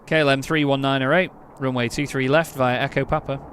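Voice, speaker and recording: A man from England streaming an air traffic control game, chatting casually between crisp, clipped radio instructions. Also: mid-range voice, steady tone, brisk, fairly bright tone. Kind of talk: casual live-stream chat mixed with radio calls.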